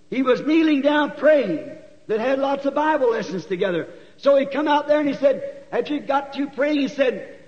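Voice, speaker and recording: A man preaching a sermon in folksy storytelling, sometimes rising to shouts, recorded in a church hall. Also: very high voice. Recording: dull recording with long hall echo.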